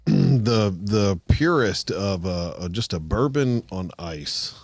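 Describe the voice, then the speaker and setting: A man with a very deep voice co-hosts a podcast in a halting, self-deprecating way. The recording is close and dry, with no room around him. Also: expressive, a little mellow, no echo, faint music behind. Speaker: podcast co-host. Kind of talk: casual chat.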